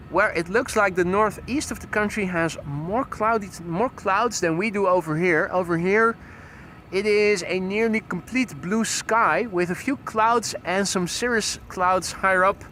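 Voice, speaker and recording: A fairly high-pitched man calls out departing flights on a live plane-spotting stream. He mixes registration details with dry little jokes. He is outdoors by the runway, with a faint hum of outdoor ambience behind him. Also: measured pace, sharp tone. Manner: wry, joking asides between flight details. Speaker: plane-spotting livestream host. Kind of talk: live aviation commentary.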